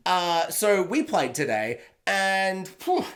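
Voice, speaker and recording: Guy, TV recap vlogger on his own camera, chatty, self-mocking, voice a touch high. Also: animated, normal speed, a bit bright. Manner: rambling, laughs often, self-deprecating. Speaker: TV review vlogger. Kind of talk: casual spoken review. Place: home room. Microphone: own camera setup.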